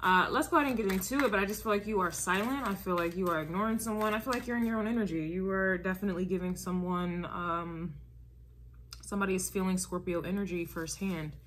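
Woman tarot reader, casual and emphatic, a bright, punchy voice that sits a little low, slight background hiss. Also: quick pace. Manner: emphatic, repeats herself, checks in with "all right?" and "okay?". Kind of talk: casual tarot reading to camera.

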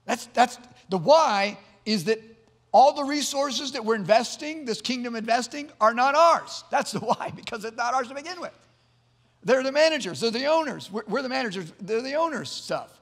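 A man's voice: very high voice, lively intonation, normal speed, fairly bright tone, in a large hall. A man preaching a sermon as pastor, earnest, often repeating words as he builds to emphatic points. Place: church sanctuary.

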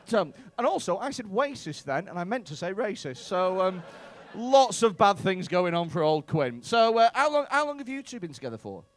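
A comedian works the crowd in a comedy club with profane banter and mock outrage. His voice sits high and swings through a wide, lively range. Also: moderate pace, few pauses. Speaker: stand-up comedian. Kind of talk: crowd work in a stand-up set.

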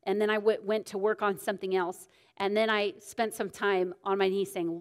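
A woman's voice: medium pitch, normal speed. A woman in her thirties, teaching a women's Bible study in a candid, self-deprecating, storytelling way. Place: church meeting room. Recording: long church reverb.

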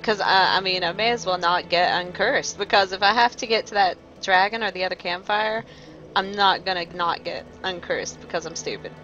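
A woman's voice: lowish voice, normal speed, sharp tone, highs cut off, soft background music. A young woman streaming a video game live, chatting with her viewers and joking as she panics at what happens on screen. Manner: jokey, panicky, talks to chat. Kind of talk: live gameplay commentary.

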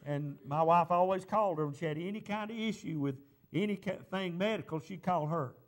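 A high-pitched male pastor preaching a sermon. He tells a personal story in a conversational way, then lifts into impassioned preaching. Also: fairly quick.

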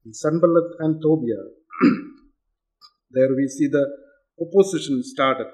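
A man preaching a sermon in a church, halting with frequent fillers and restarts. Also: on the high side, a little mellow. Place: church hall.

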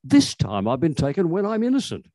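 A man putting on a young convict who whines and splutters about his unfair arrest. The voice sits well above the reader's own and swings up into a high, aggrieved pitch. The sound is close and dry. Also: wildly swooping pitch, a little fast, dark tone, dry recording. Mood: indignant. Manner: sputtering, complaining. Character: young male convict, indignant and whiny.

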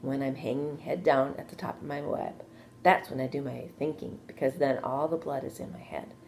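A woman voicing a wise, steady female spider in a read-aloud storybook, gentle but firm. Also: extremely low pitch, normal speed, creaky, slight background noise. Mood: reassuring. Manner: gentle, firm, matter-of-fact.

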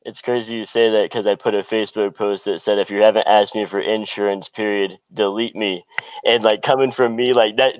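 Earnest caller on dull video-call audio. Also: male voice, lowish voice, steady tone, brisk, clear, resonant tone, no echo. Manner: hesitant, many fillers and restarts, earnest. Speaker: caller on a Q&A show.

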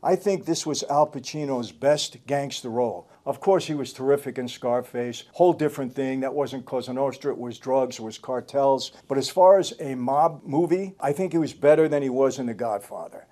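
A man's voice: mid-range voice, moderate pace, hardly any pauses, dark tone. An older man hosting his own show, telling stories in a casual way and repeating phrases for emphasis. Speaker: host. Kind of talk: casual storytelling commentary.

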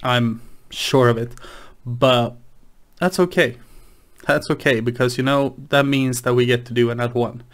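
A man's voice: medium pitch, flat delivery, normal speed, hardly any pauses, smooth. A man hosting his channel, chatting casually late at night in a rambling, hesitant way with many restarts. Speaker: gaming channel host.

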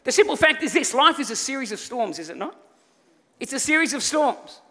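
A middle-aged man, preaching a sermon and telling a funny personal story, animated and often laughing. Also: extremely high pitch, brisk. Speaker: pastor. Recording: long hall reverb from auditorium.

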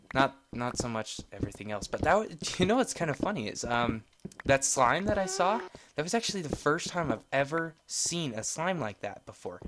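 A man chats through his game session in casual let's-play style, jumping between rambling asides and excited exclamations. His voice sits at an ordinary middle pitch. A clear hiss of background noise runs under the home mic recording. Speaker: gameplay video host.

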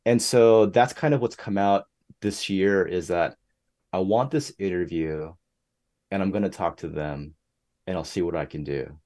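A young man speaks as a guest on a casual podcast, telling his story with plenty of energy. His voice sits fairly low and has a warm, mellow tone. He keeps jumping up high in pitch when he acts out what other people said. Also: unhurried. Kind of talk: casual interview chat.

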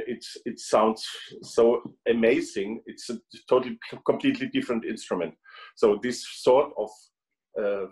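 A man's voice: mid-range voice, a little mellow, low-quality recording. A German man, a trumpet player speaking English as a second language, chatting on a video call and often repeating words as he searches for them. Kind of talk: casual video call chat.

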